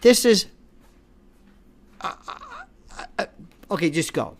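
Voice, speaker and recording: A man's voice: high-pitched, wildly swooping pitch, slow pace, husky. Worked-up guy ranting at the camera, voice jumping all over, keeps tripping on his words. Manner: impassioned, exasperated, repeats and restarts; talks straight to the viewer while browsing online. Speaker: commentator. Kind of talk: political commentary rant.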